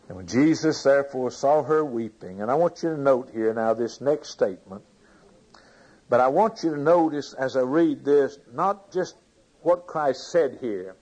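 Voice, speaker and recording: A man's voice: mid-range voice, lively intonation, unhurried, a little mellow, rough recording. A man preaching a sermon, reading scripture aloud, commenting on it and putting questions to his congregation.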